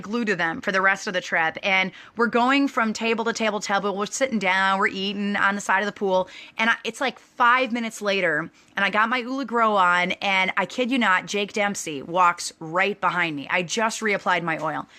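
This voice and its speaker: Bright-toned woman host, thirties, bubbly chatty storyteller who laughs easily. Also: mid-range voice. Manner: bubbly, rambling, laughs often. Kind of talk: casual storytelling to an online class.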